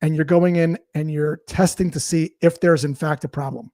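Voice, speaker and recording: A man's voice: on the high side, steady tone, moderate pace, mellow, no echo, studio quality. A man being interviewed as a sales expert, explaining his ideas through anecdotes and quoted dialogue. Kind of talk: conversational interview storytelling.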